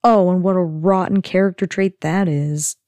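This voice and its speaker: Brief: wry sitcom mom, voiced by a woman, mellow low voice, dry sound. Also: fairly even intonation, moderate pace, no echo, lightly acted. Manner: sarcastic, dry. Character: wisecracking sitcom mom, middle-aged woman.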